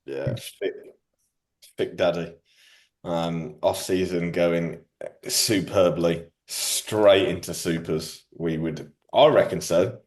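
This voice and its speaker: Lowish-voiced guy hosting a podcast, slangy jokey banter. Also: steady tone, slow pace, darkish tone. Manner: banter-heavy, slangy, joking. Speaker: podcast host. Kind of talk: casual chat.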